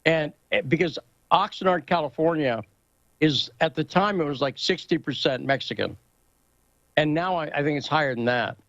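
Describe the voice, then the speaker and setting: A man's voice: a little high, normal speed, gravelly, a bit bright, dry recording, highs cut off. Rambling, story-telling male talk show host. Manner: rambling, anecdotal, asks for agreement. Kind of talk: casual political talk show chat.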